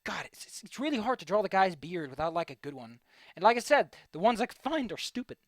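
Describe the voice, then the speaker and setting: Talking fast in a high-pitched, very animated voice with no room sound, a young man draws on a stream. He rambles goofily, playfully repeating words and joking to himself.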